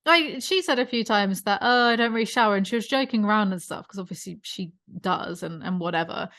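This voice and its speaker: A woman hosting a casual podcast chat, ranting about online creators in an opinionated, animated way. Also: medium pitch, fairly quick. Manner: ranting, opinionated, self-aware about vocal fry. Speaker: podcast host.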